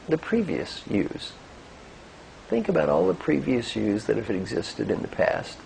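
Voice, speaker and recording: Older male coach, gravelly voice, expressive and lively delivery. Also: mid-range voice, a little hiss or hum, poor audio. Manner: animated storytelling, gentle coaching. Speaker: executive coach. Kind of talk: motivational talk with guided exercise.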